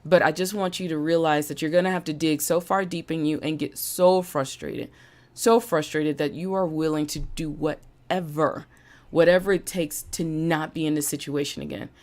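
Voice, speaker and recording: A woman's voice: low-pitched, fairly even intonation, normal speed, darkish tone. A woman hosting a live-streamed motivational talk, emphatic and repeating phrases for emphasis, with an occasional cough. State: coughing now and then. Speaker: podcast host and business coach.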